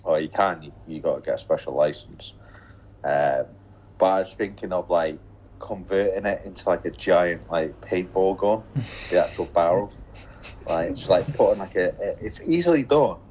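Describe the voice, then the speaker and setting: A man's voice: deep voice, moderate pace, darkish tone, breathy edge, low-quality recording. A young man chatting casually and rambling, with a lot of "like" fillers. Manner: rambling, heavy use of "like". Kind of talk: casual chat.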